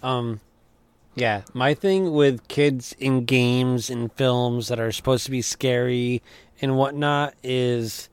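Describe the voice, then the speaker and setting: A man's voice: medium pitch, clear, resonant tone, no echo. A man on a casual podcast panel, blunt and profane in his opinions.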